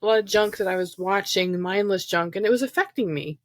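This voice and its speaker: This podcast co-host speaks fairly quickly in a mid-range voice without echo, joining remotely for casual talk about trauma recovery. She works through ideas in a reflective, wandering way, using lots of fillers.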